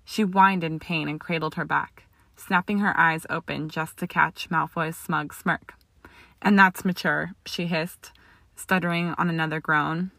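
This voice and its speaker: A woman reads a story aloud in a steady, expressive narrating voice. Her tone is lowish yet bright and forceful. The sound is close and dry, with no room around it. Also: a little slow, creaky, no room sound. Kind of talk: audiobook reading of fan fiction.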